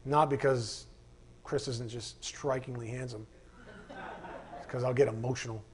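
A man pastor giving a conversational sermon, rambling and informal, who flares into animated rants. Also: medium pitch, unhurried.

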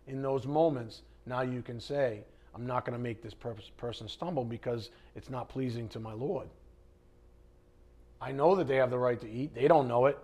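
Man, Bible teacher, conversational teaching, blunt, rhetorical questions, mid-pitched voice.

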